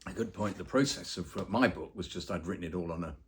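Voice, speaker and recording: Deep-voiced man telling rambling anecdotes. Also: quick pace, a little hiss or hum. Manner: rambling storyteller with many fillers, acts out quoted voices. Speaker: actor and voice-over artist interviewed. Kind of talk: casual anecdotal interview.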